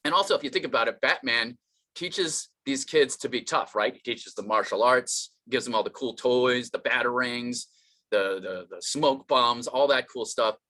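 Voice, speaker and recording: A man's voice: mid-range voice, moderate pace, sharp tone. A man doing an online stand-up comedy set, rambling and self-deprecating, with many fillers and restarts.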